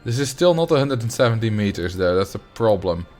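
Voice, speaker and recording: A man's voice: fairly low pitch, sing-song, a little fast, a little mellow, faint music behind. A young man from the Netherlands, chatting casually on a game livestream, laughing often and muttering to himself as he builds. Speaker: game streamer.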